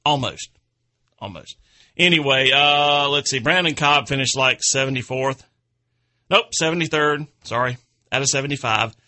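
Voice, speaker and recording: A man's voice: medium pitch, normal speed, pushed and bright. A man hosting an outdoors radio show, chatting in a rambling, folksy way and chuckling at his own stories. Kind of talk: casual radio chat.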